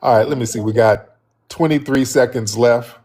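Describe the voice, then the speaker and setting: A man's voice: medium pitch, normal speed, a little mellow, slight background noise. A man hosting a live stream, talking casually and joking with his viewers. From United States.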